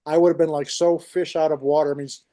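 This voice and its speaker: A man's voice: a little high, level tone, fast talker, dark tone, no room sound. A man with a New York accent co-hosting a podcast, telling long rambling stories in casual chat with many restarts. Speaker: podcast co-host.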